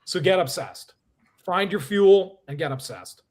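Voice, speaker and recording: A man with a noticeably high voice gives a motivational speech. He speaks emphatically and drives his points home by repeating them. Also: animated, unhurried, a little mellow. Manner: emphatic, repeats key phrases.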